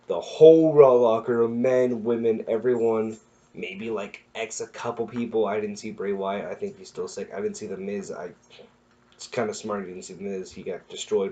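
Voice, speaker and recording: Excitable young man rambling, lo-fi. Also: fairly low pitch. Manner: excitable, rambling, self-correcting. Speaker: wrestling recap vlogger. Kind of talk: casual episode recap. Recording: muffled lo-fi recording.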